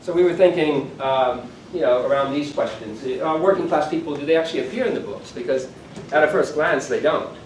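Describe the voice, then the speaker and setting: A man's voice: a little high, brisk, a little hiss or hum. Older man lecturing, distant and echoey. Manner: conversational, self-deprecating asides. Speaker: keynote speaker. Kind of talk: conference keynote lecture. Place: conference lecture hall. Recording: echoey hall from far off, faint room ambience.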